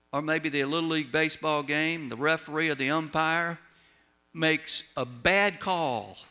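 A man preaching in a folksy storytelling way, his voice gravelly with a lot of fry. His tone is bright and forceful, pitched a little high for a man, and it sinks low at the close of each line. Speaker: pastor. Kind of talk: sermon.

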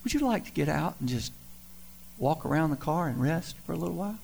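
A man quoting his gentle wife in a soft, coaxing voice. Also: a little high, lively intonation, brisk, vocal fry, a little hiss or hum. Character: sweet, gentle Southern wife, soft-spoken.

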